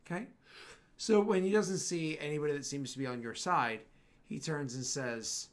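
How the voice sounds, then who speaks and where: A man with a hoarse, cracking voice narrating a tabletop role-playing game as game master, rambling with many fillers. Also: on the high side, normal speed.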